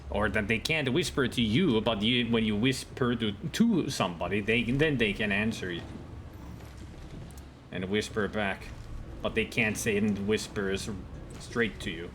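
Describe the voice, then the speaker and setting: A man's voice: on the low side, unhurried, background noise. A man streaming a game live, chatting casually with his viewers and reading out on-screen text. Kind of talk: casual gameplay commentary to live chat.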